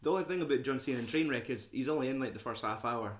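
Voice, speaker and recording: A young man talks films with his mates in a loose, sweary way. He slips into voices as he retells his favourite scenes. His voice sits at a middling pitch. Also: rapid-fire. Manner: swearing, animated retelling with put-on quotes. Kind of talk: casual film chat.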